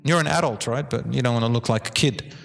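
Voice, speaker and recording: A man giving a lively talk on parenting to a live audience, sometimes dropping to a low, calm tone. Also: quick pace, vocal fry. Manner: animated, drops to a low calm tone to demonstrate. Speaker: Islamic teacher giving a talk. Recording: hall reverb.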